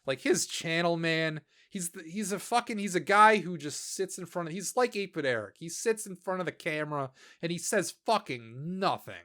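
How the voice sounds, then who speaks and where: A man with a bright, slightly high voice delivers a loose, swearing rant. He is blunt and opinionated, and he laughs easily as he talks. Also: lively intonation, normal speed, few pauses. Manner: profane, blunt, laughs often. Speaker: YouTuber ranking channels.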